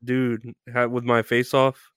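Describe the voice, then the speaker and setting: A man's voice: mid-range voice, monotone, slow, a bit bright, clean tone. A man as a podcast guest, talking casually in a laid-back, rambling way and laughing often.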